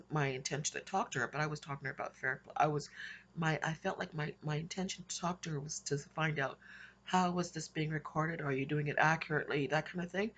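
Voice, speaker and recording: A woman's voice: low-pitched, fairly bright tone, slightly rough. A woman casually recounting her dreams in a rambling way, with frequent restarts and little laughs. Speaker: Christian vlogger recounting dreams. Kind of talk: casual spoken storytelling.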